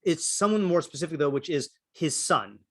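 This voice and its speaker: A man runs an interactive Torah class, picking on students to answer while he works through ideas aloud with many fillers and restarts. He sounds a little high and animated, speaking at normal speed.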